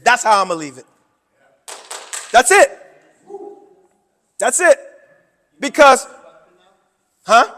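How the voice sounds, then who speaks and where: Animated high-voiced man in a reverberant hall. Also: takes it slowly, long pauses. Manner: animated, preacher-like delivery with sudden loud and soft turns. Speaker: presenter at a teacher workshop. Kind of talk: conference talk to educators. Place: conference room.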